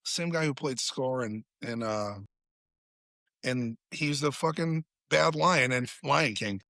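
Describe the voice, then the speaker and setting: A man's voice: medium pitch, slow, creaky, pushed and bright, dry recording. A man, a podcast guest, telling a story in casual chat, swearing freely and acting out quotes in a raised voice.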